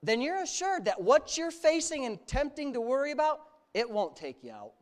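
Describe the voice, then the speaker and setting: A male pastor delivers a sermon with a lively, rising-and-falling voice. He builds his points through long, rhythmic lists and presses them home with emphasis. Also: very high-pitched, moderate pace. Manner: animated preaching, builds with repeated lists.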